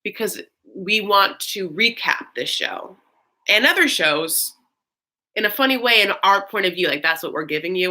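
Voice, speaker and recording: A woman's voice: medium pitch, animated, moderate pace, pushed and bright. A young woman hosting a casual livestream, rambling with lots of fillers and gushing thanks to her viewers. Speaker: host of a live recap stream.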